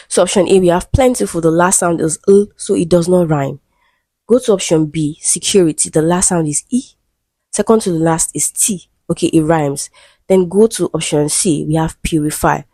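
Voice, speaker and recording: A woman leads an exam-prep English lesson, patiently explaining why each option is right or wrong. Her voice sits a little low and sounds warm rather than bright. The recording is dry, with no room sound around her. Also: no echo. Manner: patient step-by-step explaining, frequent "okay?" checks.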